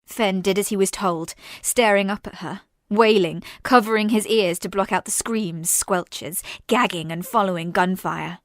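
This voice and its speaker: A woman narrating a science-fiction audio serial at a slow, measured pace. Her voice sits in a middle range and stays steady through the telling. The recording is dry and close with no room sound. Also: mid-range voice, no room sound. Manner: measured, unhurried storytelling. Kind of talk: scripted audio-drama narration.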